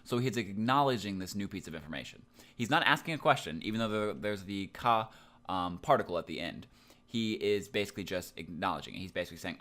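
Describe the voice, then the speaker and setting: Young guy, lowish voice, laid-back language tutor who talks loosely. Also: fast. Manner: relaxed, loose, with many ums and likes. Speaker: Japanese language teacher. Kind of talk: casual explanatory lesson.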